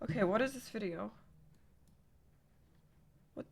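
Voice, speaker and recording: A woman's voice: medium pitch, animated, slow, creaky, husky. A young adult woman live streamer chatting casually with her viewers, exclaiming and talking straight to chat.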